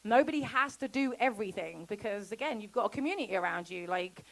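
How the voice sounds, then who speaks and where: A woman giving a casual festival talk about homesteading, chatty and quick to laugh, acting out quoted conversations. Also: mid-range voice, expressive, low-quality recording. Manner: chatty, laughs often, acts out quoted exchanges. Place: festival talk before an audience.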